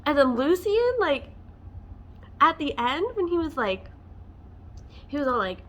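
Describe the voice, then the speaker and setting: A woman with a slightly high voice rants casually to camera. She talks with passion and emotion, piling up fillers as her thoughts spill out. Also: sing-song, unhurried, pauses often, a little hiss or hum. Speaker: book vlogger. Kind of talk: casual book rant to camera.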